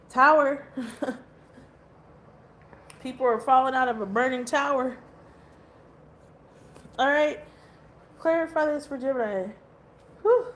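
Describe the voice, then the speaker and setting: A woman's voice: sits high, a little hiss or hum. A woman giving a casual tarot reading who rambles, swears casually and laughs often. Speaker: tarot reader.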